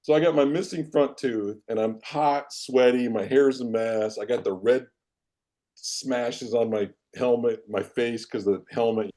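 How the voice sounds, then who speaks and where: A former football player and coach from Iowa, United States, guests on a podcast and tells sports stories casually. His mellow, mid-range voice moves at a measured pace through animated, self-deprecating anecdotes.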